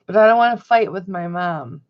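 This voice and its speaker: A woman's voice: fairly low pitch, moderate pace, highs cut off. A woman vlogging from home in a rambling, chatty way. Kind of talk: casual chat.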